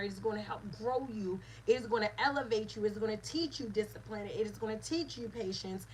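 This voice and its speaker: A woman's voice: on the high side, slight background noise, low-quality recording. A woman, a mother and spiritual teacher, giving an earnest lesson with repeated phrases and call-and-response. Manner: earnest, repetitive teaching cadence.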